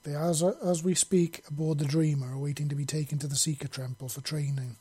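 A man reading a calm clan patriarch. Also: fairly high pitch, fairly quick, slightly rough. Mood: persuasive.

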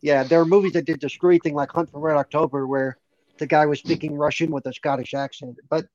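A man co-hosting a gaming podcast, relaxed, laughing easily as he tells things. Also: fairly high pitch, fast talker, no echo. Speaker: podcast co-host. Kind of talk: casual panel chat. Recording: dull lo-fi mic.

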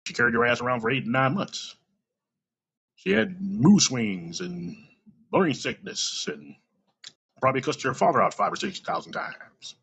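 A man's voice: mid-range voice, sing-song, moderate pace, vocal fry, a bit bright, breathy edge. A middle-aged man hosting a podcast, talking casually in a blunt, profane storytelling way. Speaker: podcast host. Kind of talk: casual monologue. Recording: dull lo-fi recording.

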